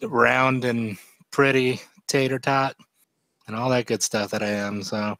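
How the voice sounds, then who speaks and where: Slightly hoarse, self-mocking male co-host. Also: medium pitch, steady tone, a little slow, pushed and bright, dry recording. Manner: self-deprecating, joking. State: slightly hoarse from recent illness. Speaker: podcast co-host. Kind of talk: casual podcast chat.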